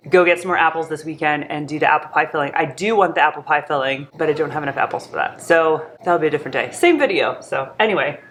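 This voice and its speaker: A woman's voice: low-pitched, a bit bright, slight background noise. A young woman who is congested from allergies, chatting in a rambling, friendly way as she cooks in her home kitchen. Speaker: home cooking vlogger. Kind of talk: casual chat.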